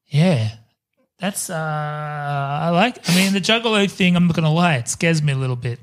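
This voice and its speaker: A man's voice: a little high, normal speed. A man co-hosting a casual podcast, telling rambling stories with jokey asides. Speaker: podcast co-host. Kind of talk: casual chat.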